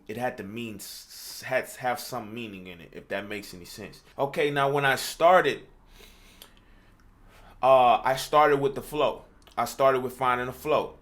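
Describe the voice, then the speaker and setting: A man teaching how he writes rap verses, talking loosely with lots of "you know what I'm saying", breaking into rapped examples. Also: medium pitch. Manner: loose and conversational, with frequent fillers and rapped demos. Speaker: rap coach. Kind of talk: casual tutorial talk.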